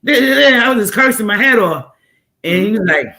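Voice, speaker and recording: A woman's voice: on the high side, lively intonation, normal speed, bright, forceful tone. A woman host tells stories in casual, emphatic chat and repeats phrases for effect.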